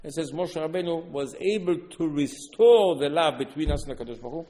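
A man's voice: on the high side, brisk. Earnest man preaching in a reverberant hall. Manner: earnest, repeats words, sudden loud emphasis. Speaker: religious teacher. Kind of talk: Torah sermon.

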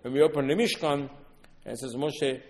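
A man's voice: medium pitch, brisk, a little hiss or hum. Earnest man preaching in a reverberant hall. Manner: earnest, repeats words, sudden loud emphasis. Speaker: religious teacher. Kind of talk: Torah sermon.

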